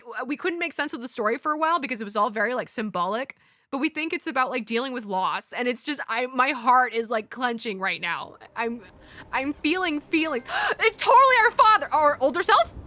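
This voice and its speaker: A woman's voice: high-pitched, sharp tone. A woman streamer giving live gameplay commentary, reacting aloud in an emotional, exclamatory way. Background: faint game music.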